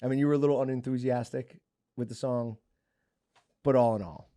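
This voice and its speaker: A man's voice: medium pitch, steady tone, fairly quick, dark tone, no room sound. Male podcast host, casual and jokey, dry close sound. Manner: joking, laughs often, wraps up the show.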